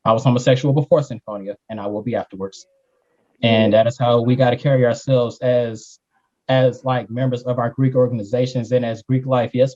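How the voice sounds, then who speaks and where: A man's voice: medium pitch, darkish tone, highs cut off. A man speaking as a panelist in a discussion, emphatic and blunt, sometimes repeating words as he starts. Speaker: panelist, fraternity member.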